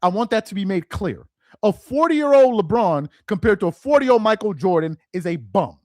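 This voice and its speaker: Here a sports commentator host, a man with an expressive, high voice that ranges widely, rants to camera a little fast in mocking disbelief. Worked up, he repeats and stumbles over words, fires rhetorical questions, and breaks into shouts, recorded close and dry with no room sound.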